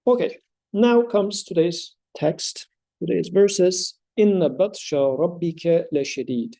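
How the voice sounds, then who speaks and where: A man leading a study circle, explaining scripture thoughtfully with halting pauses and fillers, and chanting verses in between. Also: sits high, creaky, dark tone.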